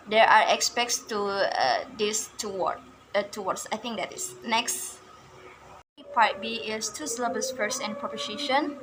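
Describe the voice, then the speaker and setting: A young woman student, slowly presenting a class video on word stress, with many fillers and self-corrections. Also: on the high side, fairly even intonation, a bit bright, slight background noise, low-quality recording. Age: young adult. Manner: reads word lists aloud, stressing each word.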